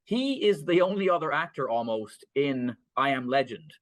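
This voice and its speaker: A man co-hosting a film podcast talks in a loose, rambling way, stopping to correct himself and laughing at the plot. His voice sits at a middle pitch and sounds dry, as if recorded right up close. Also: lively intonation, normal speed, dry recording. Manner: rambling, many fillers and self-corrections, laughs often. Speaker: podcast co-host. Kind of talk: casual film discussion podcast.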